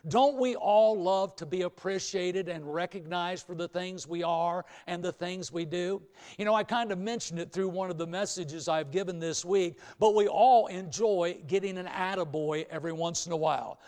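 A man's voice: sits high, normal speed, darkish tone. A man preaching a sermon to a hall audience in a folksy way, repeating phrases for emphasis and leading call-and-response. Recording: long hall reverb.

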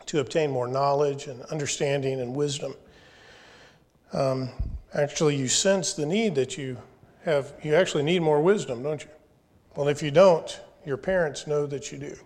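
A man's voice: fairly high pitch, moderate pace, a little mellow, big-room sound. A man in his forties giving a commencement address in a folksy, earnest way, joking with the graduates. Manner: earnest, folksy, jokes with the audience. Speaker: graduation speaker. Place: school or church hall.

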